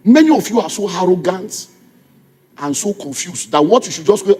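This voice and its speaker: A man's voice: high-pitched, animated, moderate pace, dark tone, slightly rough. A middle-aged man with a Nigerian accent, preaching a sermon as a pastor, firing repeated rhetorical questions at his congregation. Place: church. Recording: long reverb of a church hall.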